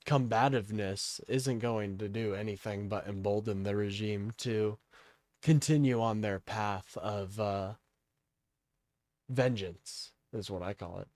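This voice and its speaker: A man's voice: fairly low pitch, unhurried, a little mellow, dry recording, studio quality. A young man from Kansas hosting a casual political livestream, rambling with lots of fillers as he talks to his chat. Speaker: livestream host.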